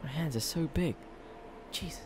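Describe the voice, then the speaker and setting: A young man giving excitable let's play commentary as a gaming channel host, laughing often and swearing freely. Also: on the high side, moderate pace, heavy background noise.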